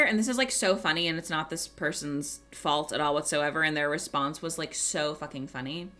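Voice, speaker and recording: A woman streamer telling a story in casual chat, animated, swearing and laughing often. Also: sits low, a little fast.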